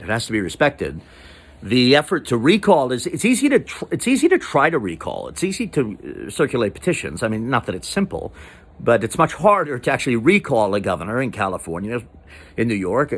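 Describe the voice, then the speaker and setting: A man riffs through a comic political monologue, his pitch swooping up and down as he goes. He rambles, breaks off mid-thought and circles back with mock-serious emphasis. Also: a bit bright. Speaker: comedian host.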